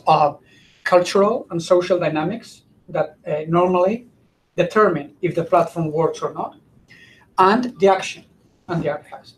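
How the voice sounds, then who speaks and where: A man giving a conference presentation, often pausing to search for his words. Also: high-pitched, slight background noise, poor audio. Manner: halting, searching for words mid-sentence.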